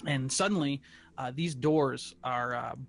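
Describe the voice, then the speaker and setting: A man's voice: medium pitch, unhurried, vocal fry. A man narrating as game master, playful, laughing and full of fillers.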